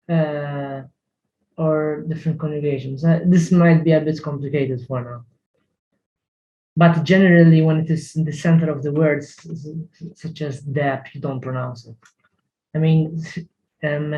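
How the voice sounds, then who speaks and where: A man's voice: mid-range voice, vocal fry, a little mellow, lo-fi sound. A man teaching a language lesson, carefully repeating words to model pronunciation, often hesitating.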